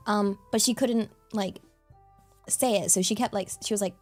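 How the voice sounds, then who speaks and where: Young British woman, chatty and giggly livestream host, mid-pitched voice over faint background music. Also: animated, fairly quick. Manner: chatty and giggly, full of fillers. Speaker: streamer. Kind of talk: casual chat.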